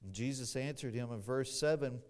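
A pastor delivers an expository sermon in a medium-pitched voice, speaking slowly and deliberately. He grows louder on emphatic phrases and tosses dry asides to the congregation.

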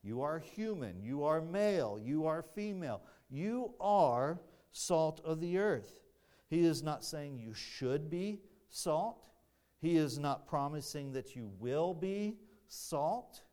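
A slow-paced male pastor delivers a sermon in a deliberate, emphatic way. His voice sits a little higher than most men's. He often circles back and restarts his phrases as he builds a point. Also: expressive, a little mellow.

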